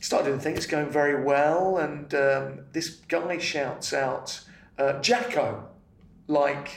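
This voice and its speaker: A middle-aged man with a British accent, a comedian guest telling an animated anecdote in casual chat. He laughs freely and swears often. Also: fairly high pitch, takes it slowly, gravelly. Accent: British English. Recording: roomy and distant with faint noise.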